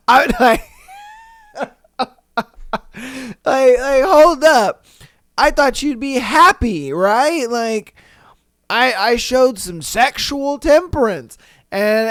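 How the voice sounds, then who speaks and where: A man's voice: very high voice, expressive, very slow, pauses often, a bit bright, dry recording, studio quality. A man hosting a podcast, reacting to reader stories in casual, slangy commentary with frequent laughter and disbelief. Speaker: podcast host.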